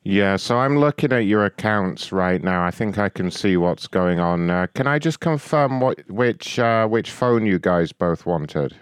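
A man hosting a comedy prank call show, calmly posing as a corporate complaints agent. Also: fairly low pitch, a little slow, hardly any pauses, clean tone, no room sound, studio quality. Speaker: prank caller host.

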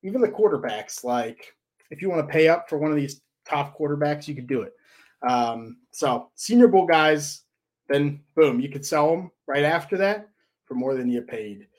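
Loose and full of filler words, this man co-hosts a casual podcast, sharing stories and advice as he wanders from point to point. He speaks at a moderate pace, animated and on the high side.

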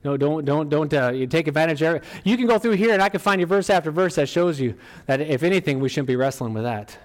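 A middle-aged male pastor preaching from the front of a church. His delivery is animated, climbing higher and louder on emphatic lines. He drops back to a quieter, conversational tone between peaks. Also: fast talker. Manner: animated preaching, often rising to emphatic exclaims. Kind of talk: sermon.

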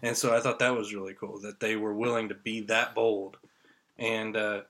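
Bright-voiced excited man on a podcast. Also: lowish voice, normal speed. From Indiana. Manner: excited, rambling fan talk. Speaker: podcast co-host. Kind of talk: casual chat.

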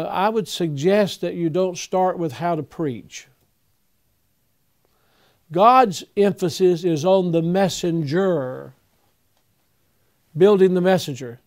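An older pastor with a drawl speaks to young preachers in an earnest, folksy way. His voice sits a little high for a man, and he pauses with fillers as he gathers his thoughts. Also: darkish tone.

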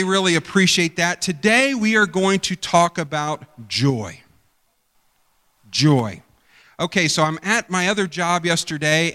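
A man's voice: fairly high pitch, bright, forceful tone, smooth. A man preaching a sermon, rambling and conversational, acting out the people in his stories. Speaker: pastor. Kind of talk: sermon with storytelling. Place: church sanctuary. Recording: long hall reverb.

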